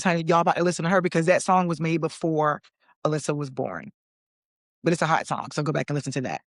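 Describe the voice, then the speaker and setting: A woman's voice: on the low side, no echo, studio quality. A woman in her forties hosting a talk show, chatting with sass and calling her listeners "honey". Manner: sassy, chatty, says "honey" and "okay". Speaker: podcast host. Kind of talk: casual opinion commentary.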